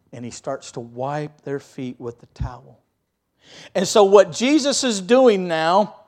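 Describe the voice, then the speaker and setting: A man preaching a sermon as pastor, telling the story vividly and swinging between loud stresses and quiet asides. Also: sits high.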